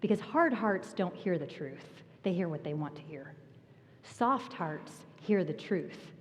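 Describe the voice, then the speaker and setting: A woman pastor preaching a sermon, telling a personal story with animated energy and laughter. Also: fairly low pitch, unhurried. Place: church sanctuary. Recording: long reverb of a church hall.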